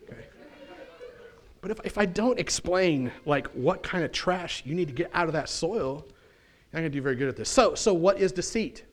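Folksy animated male pastor preaching. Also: on the high side, moderate pace. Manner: folksy, animated preaching with casual slang and asides. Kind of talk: sermon. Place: church.

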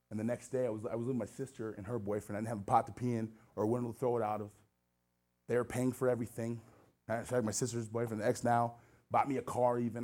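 An American man with a medium-pitched, slightly mellow voice preaches a sermon in a church sanctuary. He shares his personal testimony casually at first, then earnestly builds to urgent exhortation of his listeners.

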